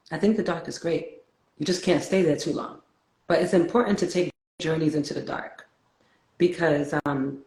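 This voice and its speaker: A woman's voice: deep voice, darkish tone. New York woman in a roomy echo. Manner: chatty and laughing, reflective. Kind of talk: casual livestream chat.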